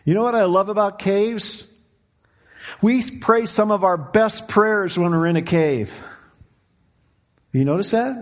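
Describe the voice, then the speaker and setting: Middle-aged guy preaching, voice a bit on the high side, goes quiet then gets all fervent. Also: a little slow, long pauses. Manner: preaching with emotional swings, rising to fervent cries. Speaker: pastor. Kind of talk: sermon.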